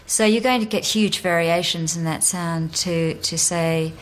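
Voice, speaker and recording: Australian woman accent coach, low voice. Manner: measured, explanatory. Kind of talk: explaining in a TV documentary.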